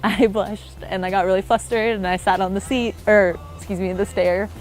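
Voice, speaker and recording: A woman's voice: mid-range voice, steady tone, moderate pace. A young woman in her twenties tells how she met her fiancé, laughing often and acting out her own quotes. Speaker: bride-to-be telling her love story. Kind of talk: casual interview storytelling. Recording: soft music underneath.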